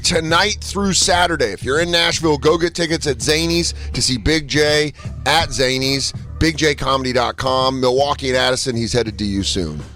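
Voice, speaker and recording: A man co-hosting a crude comedy podcast, a loud, laughing, animated storyteller. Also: mid-range voice, moderate pace, faint music behind. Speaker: podcast co-host.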